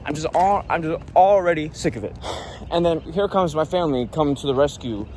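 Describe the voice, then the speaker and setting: Young male vlogger, slightly high voice, cursing, rambling storytime rant, faint background noise. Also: expressive, fairly quick, a little mellow. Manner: profane, annoyed, rambling with many fillers.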